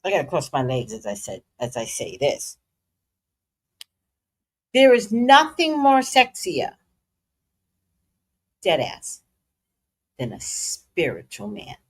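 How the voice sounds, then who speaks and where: A woman's voice: sits low, huge pitch swings, slow, long pauses. A middle-aged woman hosting a casual livestream, playful and dramatic with slangy asides. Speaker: psychic livestream host.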